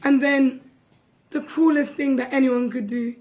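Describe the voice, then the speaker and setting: Young woman, high-pitched, voice worn hoarse, urgent impassioned press statement. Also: steady tone, unhurried, a little mellow, low-quality recording. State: losing her voice, hoarse. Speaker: relative of a hunger striker. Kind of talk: press conference speech.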